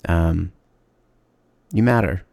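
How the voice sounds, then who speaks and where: Low gravelly man, candid and halting. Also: a little mellow, no echo, clean studio sound. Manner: candid, reflective, halting with many restarts. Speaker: podcast host. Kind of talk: casual solo podcast monologue.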